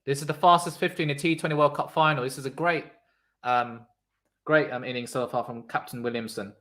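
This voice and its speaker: A young man calls a cricket match live for his stream viewers. He talks casually and reacts loudly to big shots. Between deliveries he chats with the people in his live chat. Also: mid-range voice, fairly even intonation, a little fast. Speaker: livestream cricket commentator. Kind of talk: casual live watchalong commentary.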